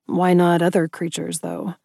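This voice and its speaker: A woman's voice: lowish voice, monotone, normal speed, gravelly, warm tone, dry recording, studio quality. A woman voicing a blunt, puzzled young man.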